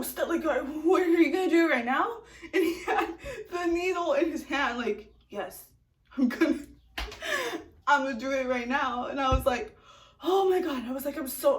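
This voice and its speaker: A young woman telling a casual storytime vlog, chatty, laughing often and filling her talk with "like". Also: a little high. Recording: echoey room, distant from mic.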